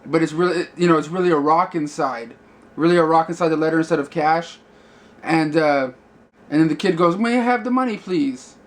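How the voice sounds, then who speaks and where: A man's voice: fairly high pitch, fairly even intonation, brisk. Rambling man reviewing a movie. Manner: rambling, many fillers and restarts. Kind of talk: casual video review.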